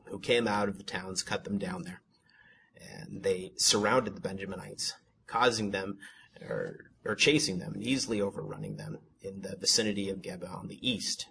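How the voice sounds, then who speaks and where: A man reads scripture and then comments on it, his voice bright and clear. He talks at middle pitch and often stammers and restarts. A faint noise sits behind him. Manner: reads plainly, self-corrects, stammers with fillers. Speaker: Bible teacher. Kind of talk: Bible reading and commentary.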